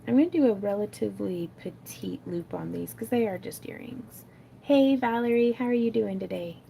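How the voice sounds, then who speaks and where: A woman's voice: mid-range voice, fairly quick, vocal fry, mellow, slight background noise, low-quality recording. A woman hosting a craft livestream, chatting casually and rambling with frequent laughs while she makes jewelry. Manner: chatty, rambling, laughs often, many fillers.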